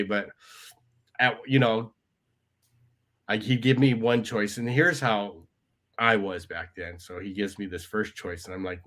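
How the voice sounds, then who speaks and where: A man's voice: on the low side, unhurried, a bit bright. A man, a podcast guest telling his life story in a conversational way, often tagging lines with "right?". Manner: conversational, tag questions, quoting others. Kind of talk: storytelling interview.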